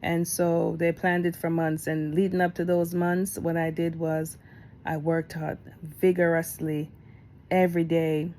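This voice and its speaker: Woman vlogger, middle-aged, chatty and candid; low, warm tone, slight background hiss. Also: unhurried. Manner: candid, chatty, animated when retelling. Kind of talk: personal storytime vlog.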